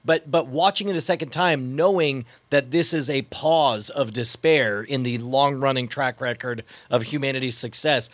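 A man's voice: medium pitch, moderate pace, few pauses, fairly bright tone, no room sound. A man in a casual podcast discussion, talking thoughtfully with many restarts and fillers.

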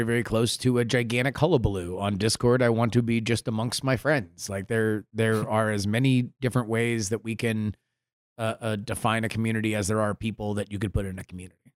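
A man's voice: fairly low pitch, fairly even intonation, fairly quick, no echo, clean studio sound. A young man co-hosting a casual podcast, joking and laughing easily with his friends. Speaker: podcast co-host.

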